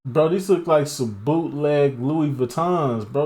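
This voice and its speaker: A man hosting a reaction video, swearing and mocking what he watches, laughing loudly and talking in slangy street talk. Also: a little high, slow, hardly any pauses. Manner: profane, mocking, bursts into loud laughter. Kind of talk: casual reaction commentary.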